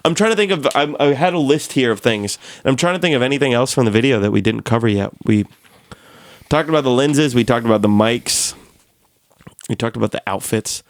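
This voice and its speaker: A man's voice: mid-range voice, brisk, no room sound. A man hosting a casual studio chat, talking loosely with many fillers and frequent laughs. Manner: chatty, laughs often, lots of "like" fillers. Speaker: podcast host, musician.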